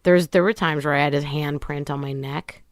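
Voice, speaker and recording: A middle-aged woman talking as a podcast guest, candid and wry, deadpan even about hard subjects. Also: sits low, normal speed, dry recording, studio quality. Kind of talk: casual conversation.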